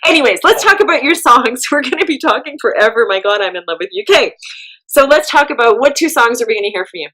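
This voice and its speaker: Gushing lady host from winnipeg, bright voice, chatty. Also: fairly high pitch, lively intonation, quick pace, breathy edge, rough recording. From Winnipeg area, Canada. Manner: gushing, effusive, laughs often. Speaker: interview host. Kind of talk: casual interview chat.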